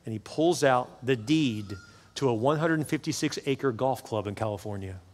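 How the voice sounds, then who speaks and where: A man's voice: mid-range voice, moderate pace, a little hiss or hum. A male pastor preaching fervently to his congregation, often repeating words for emphasis. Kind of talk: sermon. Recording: long hall reverb.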